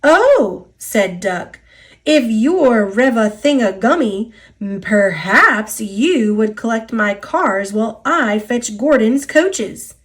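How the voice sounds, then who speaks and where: A woman's voice: a little high, lively intonation, takes it slowly. A woman with an American accent voicing a shrewd, teasing male tank engine in a storybook reading.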